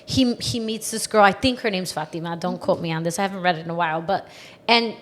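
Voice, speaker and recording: A woman's voice: lowish voice, fast talker, fairly bright tone, a little hiss or hum. A woman hosting a podcast, chatting casually and retelling book scenes with feeling. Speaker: podcast host. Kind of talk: casual chat.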